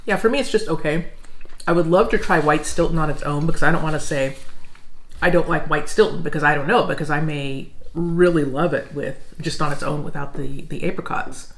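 American woman, food channel host, casual tasting chat, relaxed, laughs easily. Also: sits low, fairly quick, low-quality recording. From United States.

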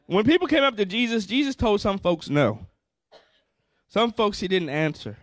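A man's voice: high-pitched, very animated, normal speed, no echo, studio quality. A male pastor preaching a fervent sermon, repeating phrases and calling out to the congregation.

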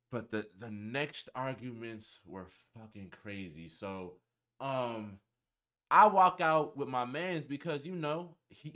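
A young man telling a casual storytime on his channel, animated and heavy on profanity and slang. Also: medium pitch. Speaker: vlogger.

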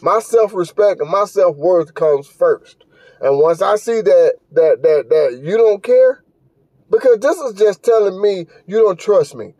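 A high-pitched but mellow man gives casual reaction commentary on his podcast. He is blunt and profane and scolds his listeners. The recording is dry and close. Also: expressive, measured pace, dry recording. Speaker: podcast host.

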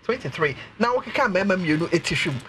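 A man's voice: high voice, very animated, a crowd in the background. A man with a Ghanaian accent, telling a story as a panelist on a radio talk show and mixing in English phrases. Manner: quick storytelling, switching between languages.

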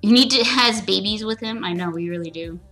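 Bright-voiced giggly woman streamer. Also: medium pitch, fairly quick, soft background music. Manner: giggly, crude offhand jokes. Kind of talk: casual let's play commentary, reading game text aloud.

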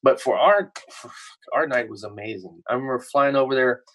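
A man, a musician guest on a podcast, telling stories in a laid-back, relaxed way. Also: mid-range voice, a little fast, a little hiss or hum. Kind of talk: casual chat.

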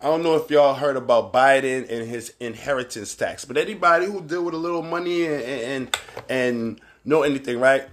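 Hosting a live-stream show with a Barbadian accent, this man speaks at medium pitch and a moderate pace, against slight background noise. His casual commentary is frank and full of swearing, drifting between points as he calls out viewers by name.

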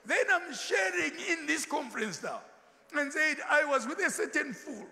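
Animated high-voiced preacher. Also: male voice, moderate pace, vocal fry. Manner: animated, switching into Ndebele asides and acted quotes. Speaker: pastor. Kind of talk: sermon. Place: large church hall. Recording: echoey church hall.

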